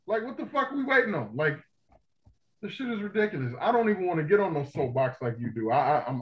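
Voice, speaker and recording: A man co-hosting a casual pop-culture podcast, ranting heatedly and with a lot of profanity, often breaking into loud outbursts. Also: sits high, big pitch swings, fast talker, muffled recording. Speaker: podcast co-host.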